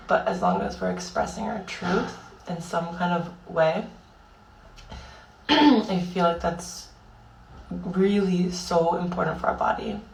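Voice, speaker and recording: Tearful young woman, slow halting vlog delivery, lowish voice, roomy distant sound. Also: a little hiss or hum. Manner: halting and raw, heavy swearing, many fillers. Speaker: vlogger. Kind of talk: emotional personal monologue.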